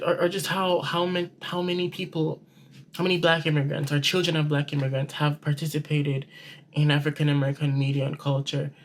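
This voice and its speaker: A man's voice: a little high, a little hiss or hum, poor audio. A man giving casual, rambling commentary to his viewers, often restarting and correcting himself. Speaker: online commentator.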